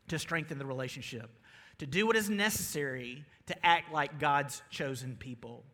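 High, bright-voiced Southern preacher. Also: male voice. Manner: energetic, calls out to the congregation. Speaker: pastor. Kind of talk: sermon. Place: church sanctuary. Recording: long reverb of a large hall.

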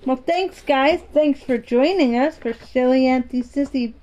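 A woman's voice: sits high, a little slow, a little mellow, dull audio. A woman hosting a home storytelling show, playful and sing-song, then reading a classic tale aloud. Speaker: storyteller host.

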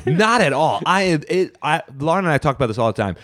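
A man co-hosting a casual podcast chat, animated and quick to laugh as he tells family stories. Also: a little high, dry recording, clean studio sound. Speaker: co-host, pastor.

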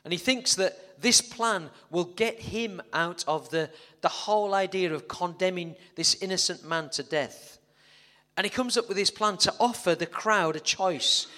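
A man preaches at an unhurried pace in a voice that sits high with a sharp edge. As pastor he narrates dramatically and jokes with his flock, all carried on the echoing reverb of a church hall.

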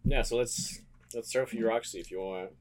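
A man's voice: lowish voice, a little fast, darkish tone, slight background noise. A young man co-hosting a podcast, chatting easily, laughing often and saying "like" a lot. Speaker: podcast co-host. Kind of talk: casual podcast chat.

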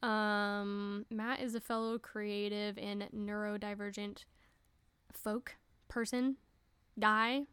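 A woman's voice: mid-range voice, flat delivery, fairly bright tone, clear, resonant tone, no room sound. Young woman rambling on her podcast, laughs a lot, cusses, dry close sound. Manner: chatty and giggly, swearing, breaking into quick voices. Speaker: podcast host. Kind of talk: casual solo podcast chat.

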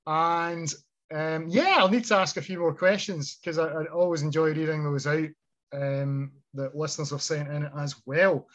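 A man co-hosting a podcast in casual chat, relaxed and chatty, laughing often between remarks. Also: a little high, moderate pace. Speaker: podcast co-host. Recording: dull lo-fi podcast audio.

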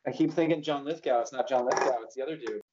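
A man's voice: medium pitch, fast talker, a little mellow, dull audio, a little hiss or hum. A man chatting casually about movies, hesitant and teasing, with many fillers.

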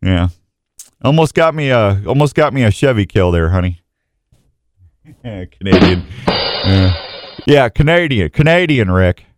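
A man's voice: fairly low pitch, sing-song, a little slow, pauses often. A middle-aged man hosting a casual morning radio show, rambling and self-mocking with lots of restarts and jokes. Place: radio station studio.

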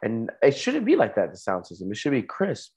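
A man's voice: mid-range voice, huge pitch swings, fairly quick, darkish tone, husky. A man co-hosting a casual podcast, telling stories in a laid-back way and swearing now and then. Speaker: podcast co-host. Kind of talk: casual chat.

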